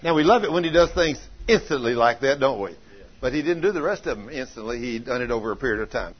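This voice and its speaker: A man preaching a folksy sermon in a homespun, plainspoken way, telling a story with bursts of excitement. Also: mid-range voice, fast talker, slightly rough, dull audio.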